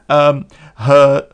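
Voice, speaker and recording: A man's voice: mid-range voice, slight background noise. A man hosting a solo podcast, rambling in casual chat, chuckling often and swearing freely. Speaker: podcast host.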